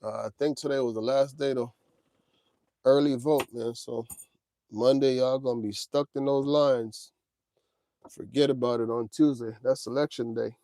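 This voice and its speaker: On a dry recording, a trucking livestream host in his forties addresses his chat in a laid-back, direct way, drawling "man" and "y'all." His voice is mid-range and mellow, with fairly even intonation and a moderate pace.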